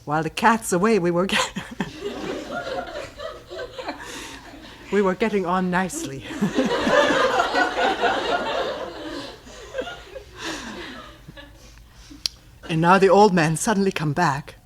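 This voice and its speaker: This woman, a meditation teacher, reads a commentary during a reflective retreat talk in a slow, thoughtful manner. Her lowish voice often falls to a breathy near-whisper, and a wry streak shows through soft laughs. Background noise is present.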